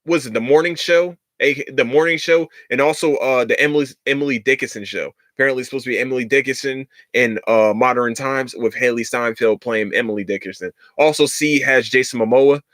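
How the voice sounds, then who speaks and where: A man hosting his own podcast, talking casually and swearing freely into a close, dry microphone. His voice sits at an ordinary middle pitch, and his talk swings from easy chatter into loud, exasperated ranting. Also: fairly quick, hardly any pauses, dry recording. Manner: profane, rising to loud exasperated outbursts. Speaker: podcast host. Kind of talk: casual solo podcast rant.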